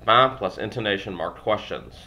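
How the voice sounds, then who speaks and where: A young man with a low, bright-edged voice reads through a language textbook aloud. He stumbles and corrects himself, dropping dry little asides between phrases. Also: highs cut off. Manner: halting, self-correcting, wry asides. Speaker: language learner vlogger.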